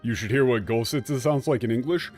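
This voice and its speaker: A man streaming a game, giving irreverent, swearing commentary and haltingly translating lines. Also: medium pitch, darkish tone. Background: game music.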